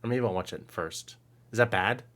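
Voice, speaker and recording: Excitable low-voiced stream co-host. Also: male voice, moderate pace. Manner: excitable, rambling, talks to chat viewers. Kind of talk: casual live-stream chat.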